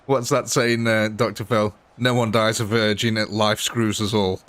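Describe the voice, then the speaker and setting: A man's voice: on the low side, fairly even intonation, slow pace, a bit bright. A man live-streaming a game, chatting casually, answering viewers' comments and laughing often. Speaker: gaming livestreamer.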